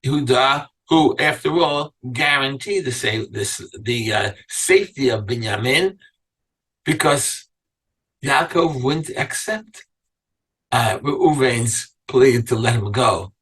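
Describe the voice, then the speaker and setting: A man's voice: medium pitch, animated, takes it slowly, fairly bright tone, slightly rough, recorded from a distance, low-quality recording. A man teaching a Torah class as a rabbi, reading verses aloud and then asking his listeners pointed questions. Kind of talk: Torah lecture to a live class.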